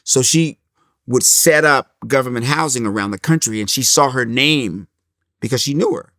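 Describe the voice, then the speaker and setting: A middle-aged man, a comedian guest in an interview, telling his story in a lively way and acting out the people he quotes. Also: mid-range voice, normal speed, dry recording, clean studio sound. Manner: animated storyteller, acts out quotes.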